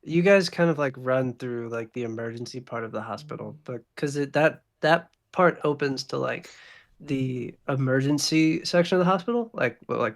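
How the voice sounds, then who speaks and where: A man narrating as dungeon master in a loose, casual way, full of fillers. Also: medium pitch. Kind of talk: narrating a tabletop game.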